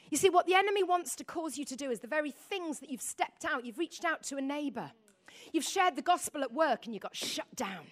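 A middle-aged woman delivers a sermon in a high, brisk voice with lively intonation. She tells a personal story in a rambling, emotional way and calls on the congregation to repeat words after her.

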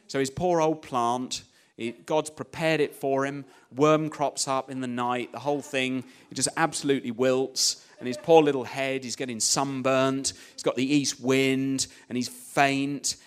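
A man's voice: mid-range voice, normal speed. A man preaching a conversational sermon, retelling a story with many "you know" asides. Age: adult, young child at home.

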